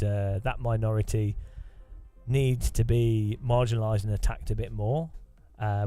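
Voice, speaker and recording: A man's voice: on the low side, warm tone, natural voice. A man voicing a smarmy male podcast host who hawks supplements in a mock-salesy, upbeat way full of filler. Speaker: streamer.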